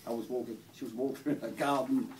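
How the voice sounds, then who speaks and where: A man's voice: mid-range voice, fairly even intonation, fast, a little mellow. A man from England with an English accent, doing rambling stand-up comedy. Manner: rambling and giggly. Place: small venue. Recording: distant mic in a venue, faint noise.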